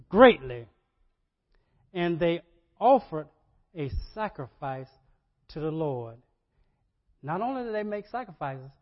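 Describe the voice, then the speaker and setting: A man preaching a sermon, animated, repeating words and rising to loud emphasis. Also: on the high side. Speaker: pastor. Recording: dull lo-fi sermon audio.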